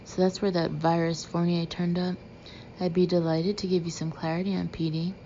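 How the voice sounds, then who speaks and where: A woman doing a gruff bitter cop. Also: lowish voice, level tone, normal speed, warm tone, muffled recording, slight background noise, lightly acted. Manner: blunt, bitterly sarcastic. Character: gruff bitter middle-aged male Boston detective.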